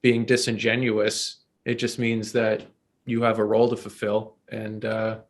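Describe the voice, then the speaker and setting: A man's voice: lowish voice, completely flat delivery, measured pace. A man co-hosting a podcast, explaining an idea in a searching way with many fillers and restarts. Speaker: podcast co-host. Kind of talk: casual chat.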